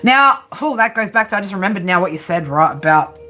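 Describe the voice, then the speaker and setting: A woman's voice: mid-range voice, lively intonation, fast, pushed and bright. A woman hosting a casual live-stream tarot reading, chatty and giggly, often ending her lines with "right?".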